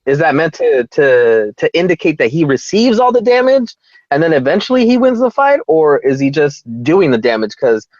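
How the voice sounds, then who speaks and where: A man's voice: a little high, very animated, normal speed, a little mellow, dry recording, muffled recording. A man co-hosting a sports podcast, chatty, with mocking asides. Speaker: podcast co-host. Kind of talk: casual chat.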